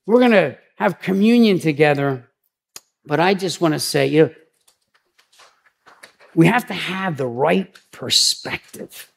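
Husky, gravelly man preaching casually. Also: on the high side, expressive, a little slow, pauses often. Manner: chatty and rambling, with frequent restarts and asides. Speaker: pastor. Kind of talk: conversational sermon.

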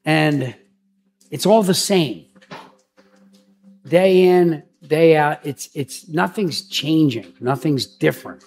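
A pastor giving a conversational sermon, chatty and rambling, with frequent restarts and asides. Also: male voice, on the high side, slow, pauses often, darkish tone.

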